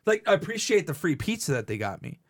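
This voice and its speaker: A man co-hosting a podcast, telling animated stories in casual chat and swearing freely. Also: a little high, quick pace. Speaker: podcast co-host.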